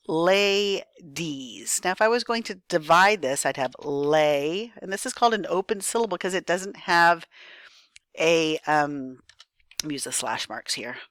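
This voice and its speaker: A woman's voice: lowish voice, a bit bright, dry recording, clean studio sound. A woman teacher giving a recorded spelling lesson, thinking aloud patiently and checking in with her students.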